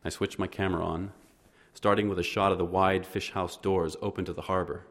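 A man with a very deep voice reads a first-person story aloud. His delivery is measured and understated, lingering on descriptive passages. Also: little pitch movement, fairly bright tone. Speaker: narrator. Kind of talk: audiobook narration, first person.

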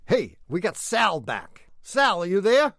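A man's voice: high-pitched, huge pitch swings, a little slow, gravelly, fairly bright tone, no echo, studio quality. A man co-hosting a talk radio show, teasing and laughing easily. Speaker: radio co-host. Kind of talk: casual talk radio banter.

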